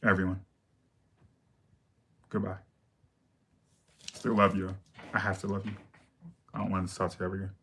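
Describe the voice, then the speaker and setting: Streamer type: deep man, monotone delivery, sassy and blunt, chatting to viewers over a faint hiss. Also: normal speed, pauses often. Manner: blunt, sassy, reads viewer questions aloud. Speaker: livestream makeup host. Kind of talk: casual livestream chat.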